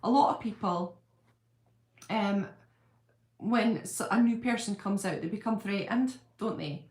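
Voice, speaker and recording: A woman's voice: mid-range voice, unhurried, darkish tone. A woman hosting her own channel, chatting casually on a live stream and rambling as she answers viewer comments at home. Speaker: channel host. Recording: roomy echo.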